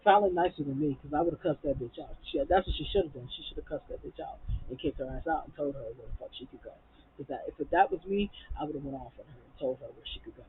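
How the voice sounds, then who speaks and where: A woman's voice: low-pitched, fast, slight background noise. A woman reviewing a reality TV episode in a blunt, profane, heated way, acting out quotes from the show. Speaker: reality TV recap vlogger. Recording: tinny phone-like audio.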